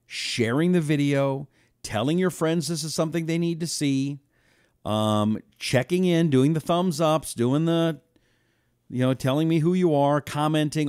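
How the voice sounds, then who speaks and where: A man's voice: fairly high pitch, darkish tone, dry recording, studio quality. A man hosting a live talk stream, chatting loosely with viewers, reading out their comments and making blunt asides. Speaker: host.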